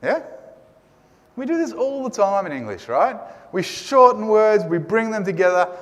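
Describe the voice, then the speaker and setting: A man's voice: high-pitched, sing-song, normal speed, fairly bright tone. An Australian man teaching a Greek class in a chatty, joking way. He wears a mask and keeps asking the class "right?". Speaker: Greek lecturer. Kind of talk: classroom lecture. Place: lecture room. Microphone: wearing a mask. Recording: long echo of a hall.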